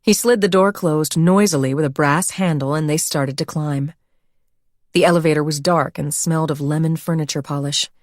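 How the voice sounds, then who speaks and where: An audiobook narrator with a low female voice reads a thriller steadily and measuredly, in a scripted narration captured dry at studio quality.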